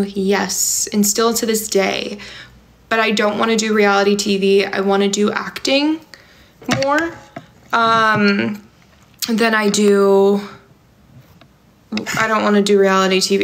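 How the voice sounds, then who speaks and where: Medium in pitch and a bit bright, her voice keeps fairly even intonation at normal speed. The young California woman is livestreaming, reading comments out and responding in a meandering, filler-heavy way, heavy on "like" and "um."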